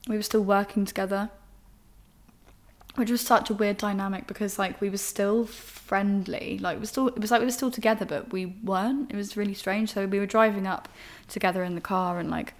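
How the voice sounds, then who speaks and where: A woman's voice: mid-range voice, fairly even intonation, a little fast. A young woman, a podcast host candidly telling a personal story in an emotional, rambling way. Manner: emotional, rambling, frank with swearing.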